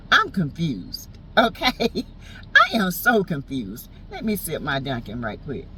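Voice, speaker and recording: Woman, Southern US accent, sassy teasing recap, bright voice, faint noise in the background. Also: low-pitched, a little slow, poor audio. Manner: sassy, animated, teasing, slangy. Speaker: TV show reviewer. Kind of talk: casual reality-show recap.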